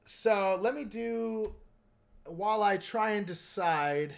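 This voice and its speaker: A man's voice: high-pitched, takes it slowly. A man hosting a live stream, chatting casually and meandering while he explains his painting technique and answers viewers.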